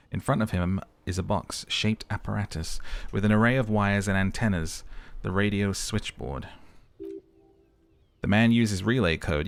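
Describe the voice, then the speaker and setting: A man narrating and commenting on a role-playing game in a steady reading manner. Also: low voice, normal speed. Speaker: gamer and narrator.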